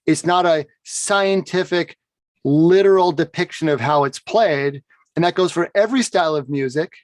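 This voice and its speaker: A bagpipe instructor explains how to play in a teaching conversation, frequently checking in with "right?" His voice is on the high side, at a normal speed, with no echo.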